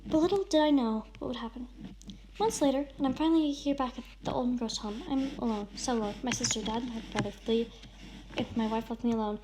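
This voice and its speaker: High-voiced woman reading melodramatically. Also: fairly quick, noisy background. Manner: over-the-top dramatic reading, shouts and sobs in the big lines. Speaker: vlogger reading a friend's writing. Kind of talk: melodramatic read-aloud with casual commentary.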